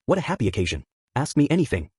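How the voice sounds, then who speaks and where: A male narrator voicing a woman cult leader who smothers everyone in sugary apologies and politeness. Her voice is husky and brisk, recorded dry and close. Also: mid-range voice, sing-song, darkish tone, no room sound. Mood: apologetic. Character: falsely polite female cult leader, unsettling.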